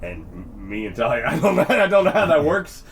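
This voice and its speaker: A man's voice: fairly high pitch, very animated, fairly quick. Rambling, swearing male podcast host. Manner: rambling, swearing, laughs a lot. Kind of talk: casual chat.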